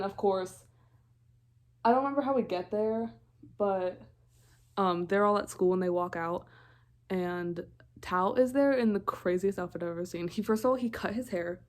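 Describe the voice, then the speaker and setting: A young woman rattles through a TV show recap in a relaxed vlog voice. She is chatty and meandering, and often cuts herself off to correct a detail or remember something. Her pitch sits right in the middle of the usual range. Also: measured pace. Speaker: vlogger.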